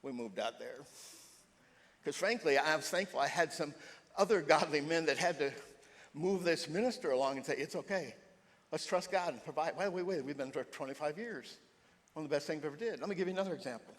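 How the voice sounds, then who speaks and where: A man's voice: a little high, brisk. Older man preaching in a reverberant church. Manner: animated storytelling, voice jumping up for emphasis. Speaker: pastor. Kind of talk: sermon. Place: church sanctuary. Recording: long hall reverb.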